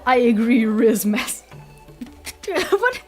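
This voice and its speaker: Slow, laughing young woman streamer. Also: on the high side, big pitch swings, darkish tone, soft background music. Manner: rambling, laughs often, repeats herself. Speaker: VTuber streamer. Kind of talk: casual chat.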